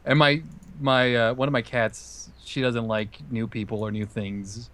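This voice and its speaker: A man's voice: mid-range voice, level tone, measured pace, a bit bright. Easygoing guy in gaming chat. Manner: easygoing, laughs between remarks. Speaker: guest player. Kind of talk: casual chat while gaming.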